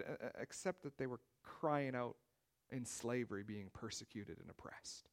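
A male pastor giving a sermon in a conversational way, reading scripture aloud with emphasis and swinging from loud phrases to hushed ones. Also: medium pitch, moderate pace. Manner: conversational preaching with restarts and wide swings in loudness.

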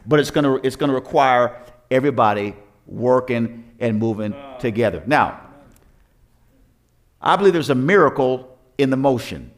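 A pastor with a mid-range, expressive voice preaches a sermon at normal speed, telling the story conversationally. He poses rhetorical questions and often restarts his sentences.

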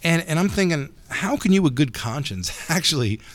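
A man who teaches jiu-jitsu, talking in a casual podcast chat and telling stories in an animated way, often repeating words as he goes. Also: a little high, moderate pace, no room sound.

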